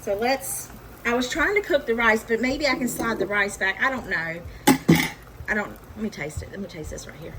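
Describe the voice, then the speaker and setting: A woman's voice: a little high, moderate pace, very noisy. A woman hosting a casual home cooking video, chatting and joking at her own mistakes as she works. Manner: self-mocking, chatty, talks to viewers while cooking. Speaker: cooking vlog host. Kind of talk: casual cooking demo chat. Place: home kitchen. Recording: home kitchen with loud sizzling. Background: frying and sizzling pan.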